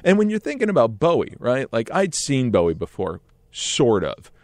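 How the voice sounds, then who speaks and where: A middle-aged man telling a casual story in an animated way, often laughing and acting out what others said. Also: mid-range voice, moderate pace, no room sound. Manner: animated, laughs often, acts out quoted voices.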